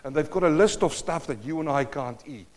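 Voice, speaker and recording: A man preaching a sermon, reading scripture aloud with loud emphatic bursts and dropping to quiet asides, often thinking aloud and restarting. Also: a little high, brisk. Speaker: pastor.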